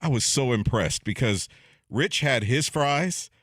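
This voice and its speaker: A man's voice: medium pitch, lively intonation, a little slow, a bit bright, slightly rough, no room sound, clean studio sound. A man who is a regular on a sports radio show, teasing one of the hosts with a story. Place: radio studio.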